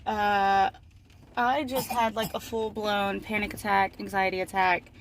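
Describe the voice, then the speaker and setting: A woman's voice: mid-range voice, flat delivery, measured pace, a little hiss or hum. A woman vlogging as a mother, talking casually and venting in a rambling way with lots of "like.". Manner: rambling, venting, heavy use of "like". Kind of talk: casual confessional vlog talk.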